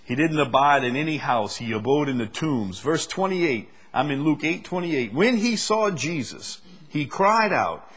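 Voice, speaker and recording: A man's voice: on the high side, expressive, unhurried, hardly any pauses, a bit bright. A man preaching a sermon, reading scripture aloud and building to emphatic, rising delivery.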